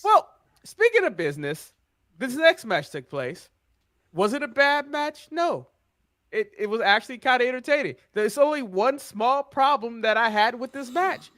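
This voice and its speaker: An American man co-hosting a casual wrestling podcast, bantering and laughing as he goes. His voice sits high and swings widely in pitch, with a bright, forceful edge. The sound is dry and close. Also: sing-song, normal speed, dry recording. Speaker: podcast co-host. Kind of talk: casual chat.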